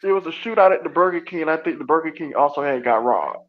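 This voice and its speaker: A man joining as a guest commentator, telling stories in a halting, rambling way. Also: fairly high pitch, animated. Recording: dull lo-fi sound.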